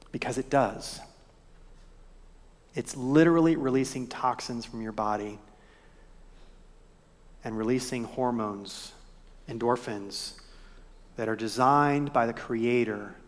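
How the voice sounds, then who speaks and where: A man preaching a sermon as pastor, gentle and reflective, posing soft rhetorical questions to the congregation. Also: on the high side. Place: church sanctuary. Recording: long hall reverb.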